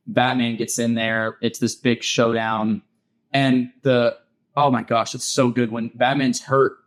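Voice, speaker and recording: A man co-hosting a podcast, eagerly retelling a cartoon episode in casual chat with many restarts. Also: medium pitch. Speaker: podcast co-host.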